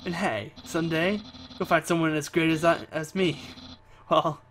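A man voicing an awkward, earnest male skeleton in a low, mumbly, halting way. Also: steady tone, a bit bright, a little hiss or hum, lightly acted, low-quality recording.

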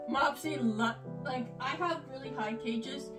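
An older woman showing her rabbits in a casual vlog, rambling with fillers and talking softly to the animals, recorded in a shed. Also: high-pitched, measured pace. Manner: soothing, coaxing with animals. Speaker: homesteader. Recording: echoey, distant from the mic, music behind.

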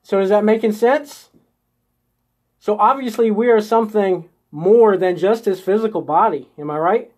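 At a moderate pace, a man with a high, slightly mellow voice leads viewers of a live spiritual coaching stream through an inner exercise. Every few sentences he gently prompts them with "okay?" or "right?"

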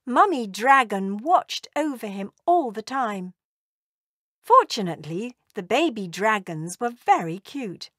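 A woman narrating a children's storybook in a slow, expressive read-aloud manner. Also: medium pitch, dry recording, clean studio sound.

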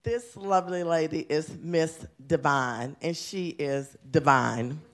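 A woman's voice: sits low, takes it slowly. Enthusiastic woman principal presenting awards. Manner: enthusiastic, chatty, laughing often. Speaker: elementary school principal. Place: city council chamber.

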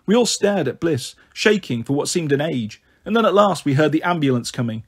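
A man reading a children's novel aloud in a measured, earnest storytelling manner. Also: on the high side, animated, slightly rough. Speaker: audiobook reader. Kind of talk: scripted narration of a children's novel.

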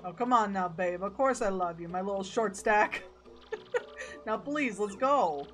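A woman's voice: medium pitch, expressive, a little slow, lightly acted. A woman voicing a henpecked husband in a video game, coaxing and a bit exasperated.

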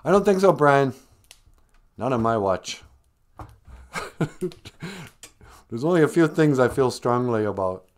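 On a casual live stream, a man teaches words while joking with and teasing his viewers, sometimes scolding them in a mock-stern, jokey way. His voice sits in the mid range and is very animated, delivered slowly with long pauses.

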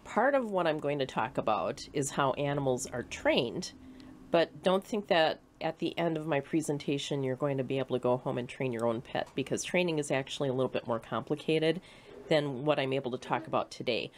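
A woman giving a patient, clear presentation to children about how animals learn. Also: rumbling low, animated, a little fast, a little hiss or hum. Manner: clear, patient explaining with playful acted quotes. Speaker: humane society educator.

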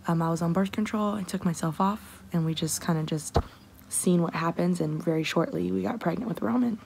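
Soft-spoken woman with a gravelly low voice. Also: fairly quick, a little hiss or hum. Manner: soft, emotional, many fillers. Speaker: vlogger. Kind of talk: personal vlog, confessional.

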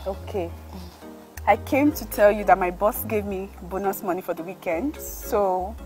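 A woman's voice: medium pitch, a little slow, darkish tone, faint music behind, close to an everyday voice. A woman playing a caring young girlfriend who pleads emotionally and repeats her words. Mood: gentle.

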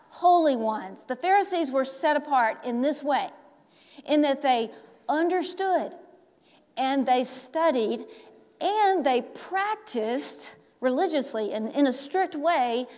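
A woman pastor preaching a sermon, telling a story slowly with dramatic pauses. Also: high-pitched, darkish tone. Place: large church sanctuary. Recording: long church hall reverb.

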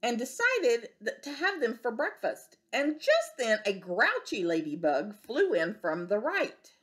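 Woman teacher, storytime reading, slow, expressive, lively pitch, gentle. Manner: gentle, expressive, asks the children questions. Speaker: preschool teacher. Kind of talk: reading a picture book aloud to young children.

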